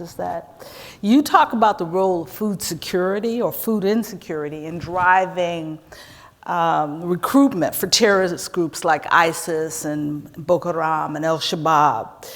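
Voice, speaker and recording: Slow, careful woman in an echoey hall. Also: mid-range voice, sing-song. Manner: measured and careful, with many fillers. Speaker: interviewer, moderator. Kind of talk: public onstage conversation.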